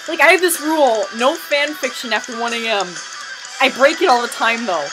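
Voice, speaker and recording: High-voiced woman doing wry fan commentary. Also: moderate pace, low-quality recording. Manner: chatty and wry, breaks into excited outbursts. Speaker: video commentator. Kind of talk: casual comedic commentary over a fan video. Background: music from the video playing underneath.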